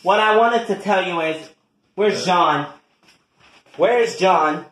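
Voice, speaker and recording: A man's voice: high voice, slow, fairly bright tone, a little hiss or hum, voice pushed up. Man doing a brash furious young daughter. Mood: demanding. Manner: brash, profane, confrontational. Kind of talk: comedy skit acting. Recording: echoey room.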